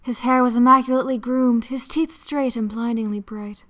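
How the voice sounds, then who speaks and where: Breathy dramatic narrating woman. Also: a little high, fairly even intonation, moderate pace, fairly bright tone. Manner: breathy, seductive reading voice. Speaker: game co-host.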